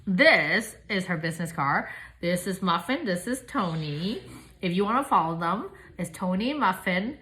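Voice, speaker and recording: A woman filming a casual unboxing vlog at home, chatty and gushing with excitement. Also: lowish voice, normal speed, low-quality recording. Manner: gushing, excitable, squeals and gasps. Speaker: vlogger unboxing a package. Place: home, filming with pets nearby.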